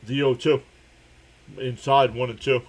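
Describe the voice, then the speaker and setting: A man's voice: fairly even intonation, unhurried. A young man hosting a live stream, giving casual play-by-play of a baseball game, reading viewer comments and laughing often. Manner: laughs often while calling pitches and reading chat.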